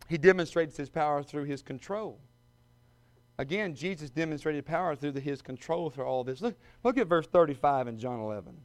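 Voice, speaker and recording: A pastor with a mid-range voice preaches a sermon, reading scripture and addressing his listeners as friends. He builds from quiet storytelling up to shouted peaks.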